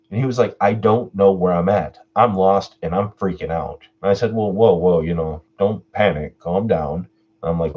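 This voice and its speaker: Deep, husky-voiced man telling a story casually. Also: muffled recording. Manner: laid-back, swears freely, animated when retelling. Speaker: channel host doing a live stream Q&A. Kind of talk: casual storytelling on a live stream.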